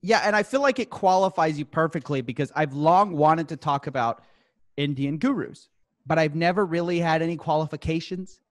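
A young man hosting a comedic podcast chat, talking fast and joking. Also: a little high, no echo, studio quality. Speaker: podcast host.

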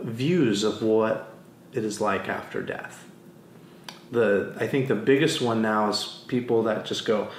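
A man preaching a sermon as pastor, telling stories in an animated way and acting out the voices he quotes. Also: medium pitch, slight background noise. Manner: animated storytelling, acts out quotes. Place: church sanctuary. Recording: roomy church with faint ambience.

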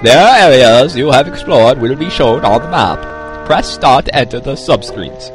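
A man's voice: mid-range voice, lively intonation, moderate pace, music in the background, natural voice. A man reading aloud the lines of a wise, long-winded old owl guide in a video game, in a plain read-aloud delivery. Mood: instructive.

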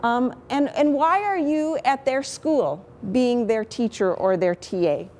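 A woman's voice: on the high side, expressive, unhurried, a little mellow, a little hiss or hum. A woman in her fifties with a Chicago accent, a microbiology professor giving a candid, chatty talk on teaching. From Chicago, USA. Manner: candid, chatty, self-deprecating.

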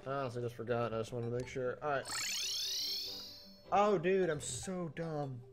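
A young man giving jokey, animated commentary as he plays a video game, talking to the game and to his viewers, a little tipsy. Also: mid-range voice, moderate pace, over music. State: tipsy from drinking. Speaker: gaming YouTuber. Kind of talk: let's play commentary. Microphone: desktop mic without pop filter.

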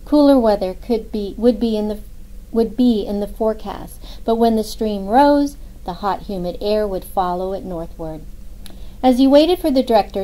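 A woman narrating a novel in a steady, even storytelling manner. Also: mid-range voice, poor audio. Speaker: audiobook narrator. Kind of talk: scripted narration.

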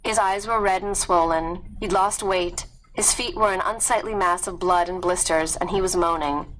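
A woman reading a story aloud in a clear, steady storytelling manner. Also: mid-range voice, normal speed, slight background noise, poor audio. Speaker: read-aloud narrator.

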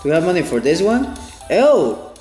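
Excitable high-voiced man playing a game. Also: normal speed, echoey room, faint music behind. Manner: excitable, exclaims and laughs often. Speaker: gaming channel host. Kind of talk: let's play commentary.

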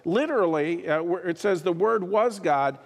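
A man preaching a sermon as pastor, emphatic, repeating key phrases and dropping into quiet asides. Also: high voice, moderate pace, vocal fry. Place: church sanctuary. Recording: long hall reverb.

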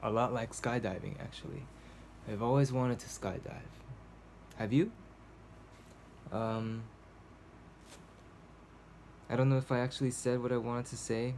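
A male vlogger records a relaxed video journal indoors in a cold home, speaking hesitantly and rambling with lots of fillers and restarts. His medium-pitched, slightly mellow voice has fairly even intonation and a somewhat slow pace with long pauses. A little hiss or hum runs underneath.

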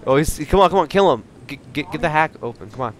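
A young man hosting a Minecraft livestream, excitable and teasing, swearing often and breaking into sudden shouts. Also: fairly high pitch, fast talker. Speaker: livestream host playing Minecraft. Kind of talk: casual gaming chat.

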